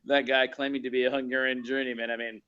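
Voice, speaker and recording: Halting male panelist on a dull line. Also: mid-range voice, little pitch movement, crowd noise. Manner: hesitant, searches for words with many fillers. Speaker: podcast panelist. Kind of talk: casual podcast chat.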